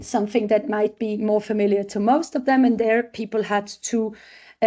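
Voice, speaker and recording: Woman researcher explaining with a soft dark tone. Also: mid-range voice. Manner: explains step by step, walking through examples. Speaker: researcher presenting a literacy tool. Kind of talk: research talk with demonstrations.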